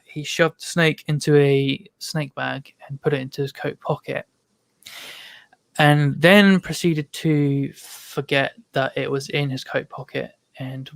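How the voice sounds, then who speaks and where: Gravelly man telling rambling stories. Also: medium pitch, flat delivery, unhurried, a bit bright, no echo. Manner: rambling storytelling with many ums. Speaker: podcast guest. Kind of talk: casual chat.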